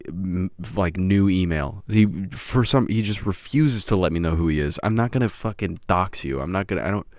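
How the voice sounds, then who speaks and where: Low gravelly dude rambling on his podcast, swears a lot, jokes at himself. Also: moderate pace, a little mellow, dry recording, studio quality. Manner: profane, rambling, self-mocking. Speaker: podcast host.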